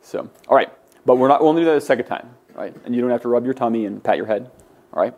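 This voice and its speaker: Here the Greek teacher talks rapid-fire in a medium-pitched, darkish voice. Even so, he patiently explains forms to his class and drills the students in speaking words aloud.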